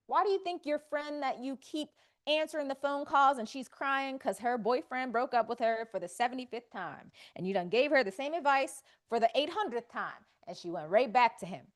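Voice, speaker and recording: A woman hosting a live faith-based wellness talk, animated and playful, acting out inner voices. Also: sits high, normal speed. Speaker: wellness session host.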